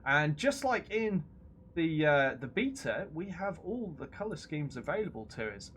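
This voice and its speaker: A man's voice: fairly high pitch, big pitch swings, moderate pace, a bit bright, a little hiss or hum. A British man hosting a game stream, giggly and self-mocking as he comments on the game. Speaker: streamer host. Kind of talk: gameplay commentary.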